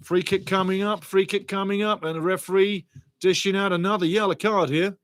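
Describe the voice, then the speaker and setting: A middle-aged man hosts a live football watch-along, calling the play with excitable, chatty energy. His voice sits a touch high, and the sound is dry and close with no room around it. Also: a little fast, dry recording. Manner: excitable, chatty, reads viewer comments aloud.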